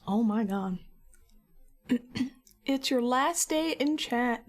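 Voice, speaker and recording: Woman streamer, high and very animated voice, playful teasing chat, slight cough. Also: slow. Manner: playful, teasing, laughs often. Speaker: art streamer. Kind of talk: casual chat with live stream viewers while painting.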